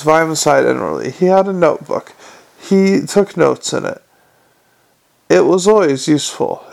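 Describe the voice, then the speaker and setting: A man reads a storybook aloud with a wry, even delivery. His voice is gravelly and sits a little above the usual male pitch. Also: unhurried. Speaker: audiobook narrator. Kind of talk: storybook narration.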